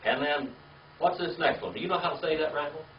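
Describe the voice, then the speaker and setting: A man's voice: a little high, fast talker, slight background noise. A man teaching a Bible class, spelling out words letter by letter and having the class repeat them. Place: classroom or church meeting room. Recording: echoey room, distant mic, dull lo-fi.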